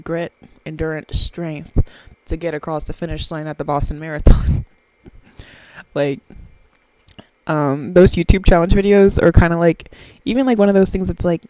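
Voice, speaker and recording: A woman's voice: on the low side, fairly even intonation, moderate pace, dark tone, dry recording, rough recording. A woman, rambling through a profane, self-mocking solo podcast chat very close to the microphone. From Southern US. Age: 20s. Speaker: podcast host.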